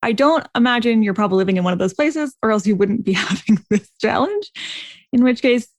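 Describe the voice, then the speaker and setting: Agreeable woman co-host with a higher voice. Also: expressive, brisk, no room sound, clean studio sound. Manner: warm, agreeable, laughs often. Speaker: podcast co-host. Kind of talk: casual advice chat.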